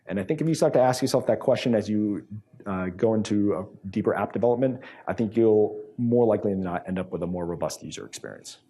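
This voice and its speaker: A man from New England speaks at a conference in a low, dark voice with a slightly husky edge. He talks loosely, with lots of fillers and restarts as he answers questions. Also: quick pace. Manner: casual, many fillers and restarts. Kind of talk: conference talk with Q&A. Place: conference room.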